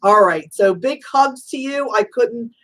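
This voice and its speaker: This psychic reader and show host, of Italian-American background, takes callers on a live spiritual reading program, emphatic and motherly, with plenty of honey and sweetie. Her voice is fairly high pitched and a little slow.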